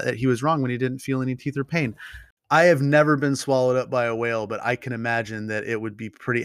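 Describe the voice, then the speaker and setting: A man's voice: medium pitch, fairly bright tone, no room sound, clean studio sound. A man hosting a podcast, reading odd news stories aloud and riffing on them with jokes and heavy swearing. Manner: profane, joking, rambling. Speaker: podcast host. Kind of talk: casual news commentary.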